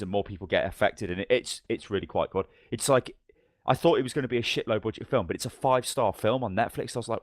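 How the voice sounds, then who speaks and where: A man's voice: fairly low pitch, no room sound, studio quality. Sweary man telling rambling stories. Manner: rambling, sweary storytelling that acts out quotes. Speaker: podcast co-host. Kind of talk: casual chat.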